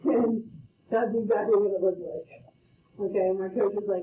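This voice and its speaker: A woman's voice: mid-range voice, fairly even intonation, normal speed. A middle-aged woman teaching a math class, playful and storytelling, often checking in with "okay?". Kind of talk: classroom lecture. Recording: roomy, distant, muffled classroom audio.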